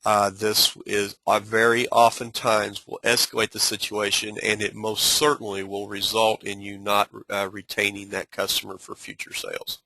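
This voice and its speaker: Instructor type, man, bright forceful tone, dry close sound, stop-start delivery. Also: on the low side, monotone, no room sound, rough recording. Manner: halting, many restarts and fillers; earnest, advising tone. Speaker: customer service trainer. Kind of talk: instructional talk.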